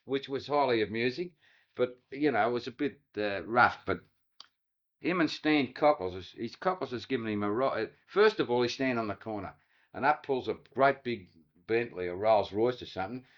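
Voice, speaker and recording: Medium in pitch and animated at normal speed, this interviewee is an older Australian who once worked the waterside. He yarns through oral history, doing the voices of those he quotes and swearing casually, on dull lo-fi archive tape.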